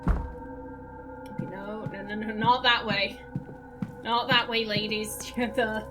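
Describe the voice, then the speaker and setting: A woman's voice: fairly high pitch, steady tone, takes it slowly, pauses often, over music, poor audio. A woman streamer commenting casually on a game as she plays, giggly, chatty, swearing now and then. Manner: giggly, swears, reacts out loud. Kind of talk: let's play commentary.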